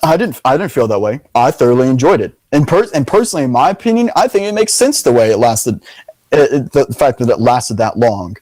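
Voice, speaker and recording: Young man, casual debate, emphatic, animated, mid pitch, dry close sound. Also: fairly quick, no room sound, low-quality recording. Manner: animated, emphatic, repeats "literally". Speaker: video host.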